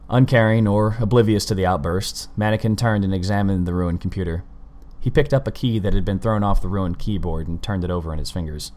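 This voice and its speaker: Very deep-voiced male narrator. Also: brisk, few pauses, darkish tone. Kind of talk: scripted narration of a story.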